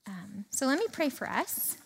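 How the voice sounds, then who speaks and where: High-voiced woman preaching a casual sermon. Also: moderate pace, gravelly, breathy edge. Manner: animated, conversational, reads scripture aloud and paraphrases it casually. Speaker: speaker teaching a Bible passage.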